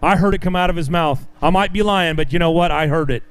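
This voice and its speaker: A man's voice: fairly high pitch, quick pace, clear, resonant tone. A man emceeing a fishing tournament weigh-in, announcing weights in an upbeat way and joking with the anglers.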